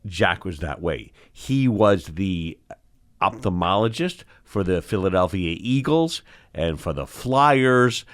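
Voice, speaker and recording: A man's voice: sits low, slow pace. A man, an eye surgeon, telling stories from his training in a podcast chat, acting out the people he quotes. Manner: animated storyteller, acts out quotes. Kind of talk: storytelling in a podcast conversation.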